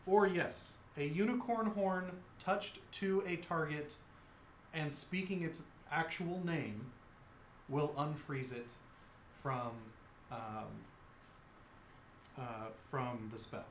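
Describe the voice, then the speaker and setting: A man's voice: on the high side, takes it slowly, pauses often, reverberant, slight background noise. A man narrating a tabletop game as game master, playful and rambling.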